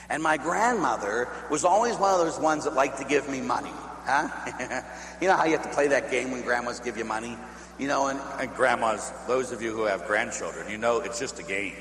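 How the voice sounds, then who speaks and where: A Catholic priest from Pittsburgh in the United States, preaching a sermon in a chatty, animated storytelling way with laughing asides. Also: male voice, medium pitch, fairly quick. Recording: echoey hall, faint hum.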